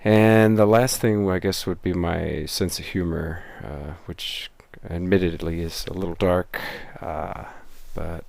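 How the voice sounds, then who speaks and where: A man's voice: low voice, fairly even intonation, unhurried, vocal fry, hardly any pauses, a little mellow, dry recording. A man, the show's creator and host, giving rambling behind-the-scenes commentary full of fillers and restarts.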